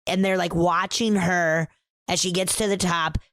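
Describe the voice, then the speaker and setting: A woman's voice: on the low side, fairly even intonation, normal speed, fairly bright tone, dry recording, studio quality. A woman co-hosting a podcast, retelling a film plot in blunt, joking casual chat with plenty of swearing. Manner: blunt, swears, jokes, exaggerates. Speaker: podcast co-host.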